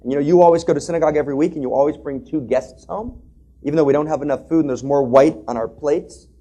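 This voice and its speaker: A man's voice: a little high, expressive, brisk, mellow, husky, pitched above the performer's own voice. A man voicing a young daughter in a story he tells, earnest and reassuring. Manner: storyteller raising his voice for a child.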